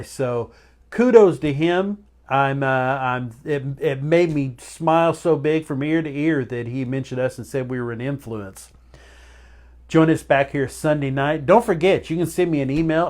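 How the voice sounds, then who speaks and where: A man's voice: mid-range voice, a little mellow. Earnest heartfelt male show host. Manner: earnest, heartfelt, repeats warnings. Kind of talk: casual livestream sign-off.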